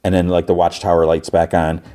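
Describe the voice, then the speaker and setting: A man's voice: low voice, level tone, fairly quick, mellow. A man hosting a podcast, retelling a TV episode in a rambling, casual way with lots of fillers. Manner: rambling, filler-heavy retelling with acted-out quotes. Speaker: podcast host.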